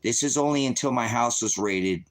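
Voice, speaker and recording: A man's voice: mid-range voice, moderate pace. A middle-aged man hosting his own channel, delivering a profane, combative, rambling rant at his viewers. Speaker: channel host. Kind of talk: ranting monologue to viewers.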